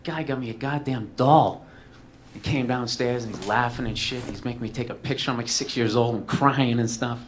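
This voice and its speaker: A man of ordinary pitch spinning a profane, self-mocking story as a talk show guest. He rambles through fillers and restarts. There is a faint hiss under his voice. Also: moderate pace. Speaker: comedian guest.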